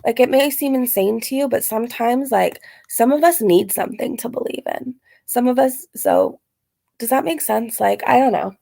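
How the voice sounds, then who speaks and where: Young woman host, gravelly fry in the voice, loose filler-heavy chatter, live Q&A vlog. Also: a little high, moderate pace, warm tone. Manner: rambling, filler-heavy talk with frequent "like"; reads out and answers chat comments. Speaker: channel host answering viewer questions. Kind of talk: casual live Q&A chat.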